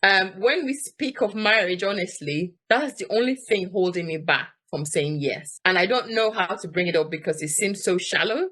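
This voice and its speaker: A woman's voice: mid-range voice, animated, normal speed, hardly any pauses, fairly bright tone. A woman hosting a talk show, reading out a viewer's letter and chatting, amused and apologetic about her laughter.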